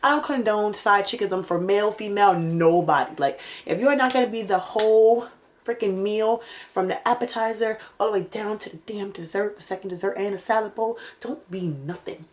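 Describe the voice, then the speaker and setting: A young adult woman vlogger telling a storytime, animated and slangy, jumping between loud exclamations and quiet asides. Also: medium pitch, normal speed, slight background noise. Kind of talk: casual storytime monologue.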